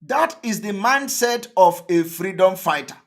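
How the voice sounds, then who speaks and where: Man hosting, high voice, emphatic and repetitive commentary. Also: lively intonation, creaky. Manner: emphatic, repetitive, quick to laugh. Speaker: host of an online broadcast. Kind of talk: live commentary on a played interview.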